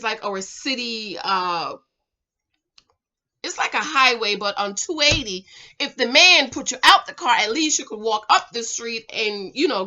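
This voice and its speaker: Animated middle-aged woman chatting to viewers. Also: high-pitched, lo-fi sound. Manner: animated, talks straight to viewers as "girl" and "ladies", keeps checking with "okay?". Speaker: vlogger reviewing a reality show. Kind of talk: casual chatty commentary. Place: her home.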